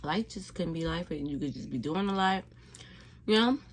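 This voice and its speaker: Between bites of food, a woman vlogger talks casually to her viewers in a fairly low, animated voice at normal speed. Her mukbang chat is rambling and relaxed.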